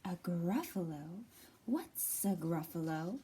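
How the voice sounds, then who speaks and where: A woman's voice: lowish voice, expressive, slow, warm tone, breathy edge, voice pushed down, full character voice. A woman voicing a sly, hungry male snake in a children's storybook reading, coaxing and half whispered.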